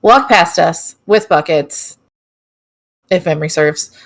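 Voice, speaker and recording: A woman with a lowish voice speaks slowly and bluntly at a tabletop game. She swears freely while she reasons out the plan. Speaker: player. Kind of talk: tabletop role-play chat.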